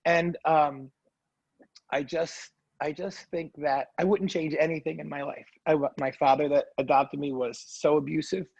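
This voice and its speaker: A man's voice: a little high, fairly even intonation, gravelly, a little mellow, husky, no echo, dull audio. A man telling his life story as a guest in a casual interview, earnest and emotional. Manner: earnest, emotional, quick asides like "right?".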